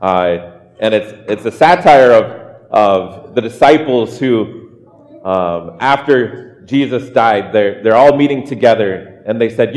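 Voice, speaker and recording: A man's voice: lowish voice, unhurried, a little mellow. A male pastor preaching a sermon in a casual, conversational way, often restarting phrases and checking in with the congregation. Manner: conversational preaching with frequent restarts and "right?" asides. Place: church sanctuary. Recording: long church reverb.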